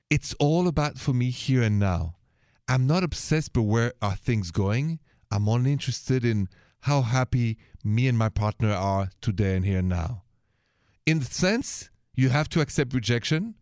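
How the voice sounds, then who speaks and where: A middle-aged man with a French accent hosts a call-in radio advice show, talking in a relaxed way and dropping French phrases into his English. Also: medium pitch, no echo, clean studio sound. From France.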